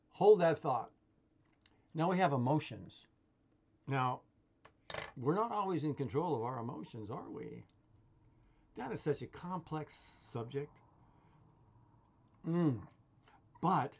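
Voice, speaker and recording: A man's voice: mid-range voice, a little mellow, lo-fi sound. A man talking in a casual, rambling monologue, full of swearing, laughter and restarts. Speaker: vlogger.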